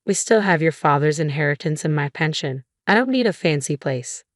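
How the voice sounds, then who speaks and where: A woman voicing a kind, frail elderly mother-in-law who speaks gently, read in a low, dry storytelling voice. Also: lively intonation, brisk, no room sound. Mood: stern. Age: older. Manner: gentle, stern when roused.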